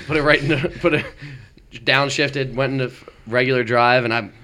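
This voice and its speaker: A man's voice: mid-range voice, steady tone, normal speed, crowd noise. A young man in casual chat, rambling and correcting himself as he tells a story.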